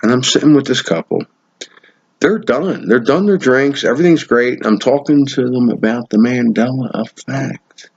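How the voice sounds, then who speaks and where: A man telling a story in a casual monologue, animated and swearing now and then as he acts out what people said. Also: mid-range voice, moderate pace, creaky, slightly rough. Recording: dull lo-fi sound.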